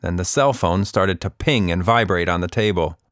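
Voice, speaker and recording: A man narrating a children's story in a calm, expressive way. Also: deep voice, moderate pace, no room sound, clean studio sound.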